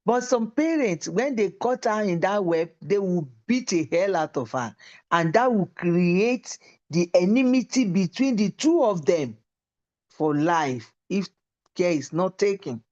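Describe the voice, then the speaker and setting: A woman's voice: lowish voice, very animated, unhurried, darkish tone, highs cut off. A woman lecturer giving a university lecture and teaching through personal stories.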